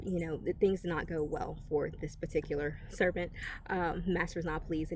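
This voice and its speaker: A woman's voice: fairly low pitch, warm tone, slight background noise. A woman giving a casual devotional pep talk, earnest and encouraging, speaking straight to her listener. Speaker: Christian encouragement vlogger.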